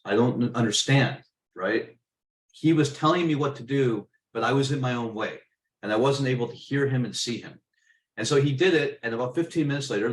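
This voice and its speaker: A middle-aged man presents a business webinar and tells personal stories in a conversational, emphatic way. His voice sits a little low. The room around him gives it a noticeable echo. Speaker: webinar host and business mentor.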